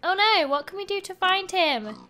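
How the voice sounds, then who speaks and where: A woman's voice: very high voice, animated, moderate pace, bright, forceful tone. A woman in her twenties giving bubbly, playful commentary while playing a video game. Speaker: gaming video host. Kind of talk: gameplay commentary.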